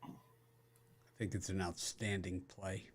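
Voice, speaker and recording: Low guy rattling off games n cracking jokes, sports betting show. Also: little pitch movement, slow pace, slight background noise. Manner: joking, rattles off matchups with wisecracks. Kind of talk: casual sports betting chat.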